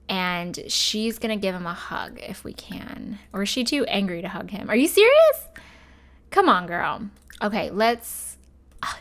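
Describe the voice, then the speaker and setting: Woman in a let's play host role, expressive and casual, with a mid-range voice. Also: medium pitch. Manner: chatty and expressive, full of fillers. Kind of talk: casual gameplay commentary.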